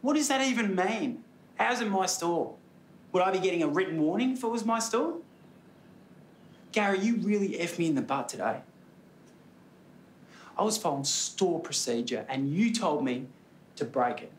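A man's voice: sits high, expressive, moderate pace, pauses often, echoey room, a little hiss or hum. An actor with an Australian accent playing a fed-up young male retail worker, indignant and sarcastic.

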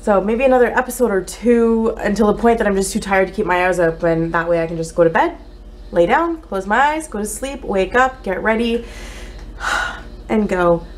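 A young woman chatting casually in a home vlog, exasperated, swinging between flat mutters and shrill outbursts. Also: normal speed. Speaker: vlogger. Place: home, indoors.

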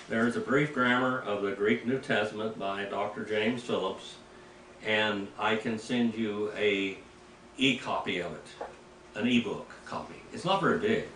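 An older man, a preacher, teaching Greek in a rambling, anecdotal way, clearing his throat now and then. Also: medium pitch, a bit bright. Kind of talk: informal teaching sermon. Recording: echoey room, mic at a distance, faint background noise.

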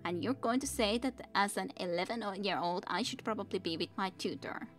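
A woman's voice: medium pitch, normal speed, a bit bright, soft background music, lightly acted. A woman voicing an eleven-year-old boy king in a fantasy storybook reading, petulant but formally polite.

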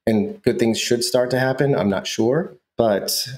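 A man co-hosting a podcast, talking loosely and playfully about a TV show. His voice sits at an ordinary middle pitch, and he teases his co-host and laughs easily. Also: measured pace, darkish tone. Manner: teasing, playful, laughs often. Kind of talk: casual chat about a TV show.

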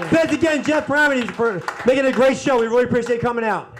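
A man's voice: very high voice, quick pace, a loud crowd, very noisy. A man hosting a comedy joke-off, announcing the winner and thanking the guests. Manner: upbeat, thanks guests, wraps up the show. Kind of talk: emcee announcements.

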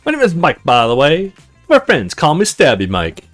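A man's voice: mid-range voice, wildly swooping pitch, normal speed, a bit bright, faint music behind. A man voicing a cheery, laid-back young male stranger with a put-on folksy drawl. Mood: easygoing.

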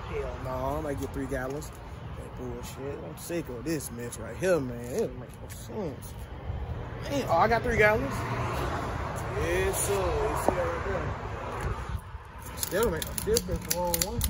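A man's voice: on the high side, measured pace, heavy background noise. A young man vlogging casually, rambling and swearing freely. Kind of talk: casual vlog talk.

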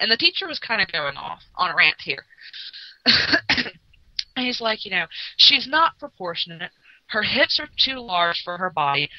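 A woman co-hosting a laid-back online radio chat, her pitch swinging up and down as she tells stories. She breaks into excited exclamations, heard over a dull, lo-fi line in a dry space. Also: dry recording. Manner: animated storyteller, bursts into excited exclamations. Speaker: co-host.

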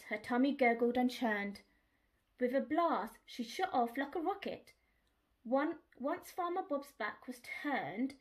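A woman reading a children's picture book aloud, expressive and speaking to young listeners. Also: sits high. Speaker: storyteller.

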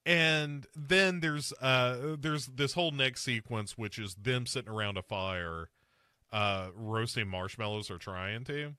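A man's voice: mid-range voice, a little slow, bright, forceful tone, no echo, studio quality. A man hosting a podcast, recapping a film scene by scene in casual chat and slipping into mocking voices for the characters. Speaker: podcast host.

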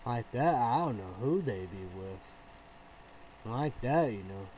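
A man rambles through a casual vlog monologue. He repeats himself and trails off into fillers, swinging between low mumbles and loud bursts. A faint hiss runs under his voice. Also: expressive, takes it slowly, low-quality recording. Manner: rambling, repetitive, with many fillers and restarts. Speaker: vlogger.

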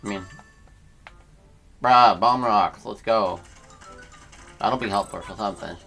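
A man's voice: fairly low pitch, measured pace, gravelly, pushed and bright, faint music behind. A young man giving casual, laid-back gameplay commentary and reacting aloud in slangy talk. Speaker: let's player.

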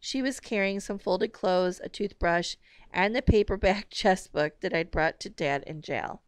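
Smooth-voiced woman reading a novel. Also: mid-range voice, unhurried, no room sound. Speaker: audiobook reader.

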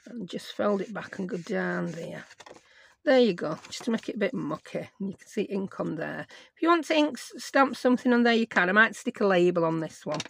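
Middle-aged woman, craft host, rambling self-talk, slight gravel. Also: medium pitch, expressive, brisk, fairly bright tone, a little hiss or hum. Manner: rambling, self-mocking, talks to herself while working. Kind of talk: chatty crafting tutorial.

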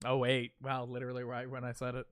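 A man's voice: mid-range voice, completely flat delivery, quick pace, smooth. A man chatting through a live gameplay stream, joking at himself and muttering the same phrases over and over. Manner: chatty, self-mocking, repeats phrases under his breath. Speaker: game streamer.

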